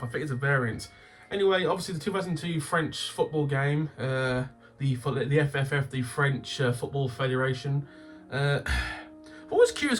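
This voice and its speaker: A man hosting a game-collecting channel, chatting casually as he opens his games, swearing freely and bursting into loud laughter. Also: a little high. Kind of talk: casual unboxing chat.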